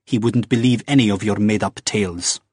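A man reading aloud, voicing a haughty, defiant young woman with sharp, clipped retorts. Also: lowish voice, steady tone, brisk, husky, dry recording, clean studio sound.

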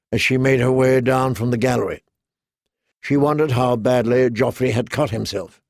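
A man reading a fantasy novel aloud as an audiobook narrator, measured and steady. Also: medium pitch, creaky, dry recording, clean studio sound. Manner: measured, storytelling. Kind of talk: scripted narration.

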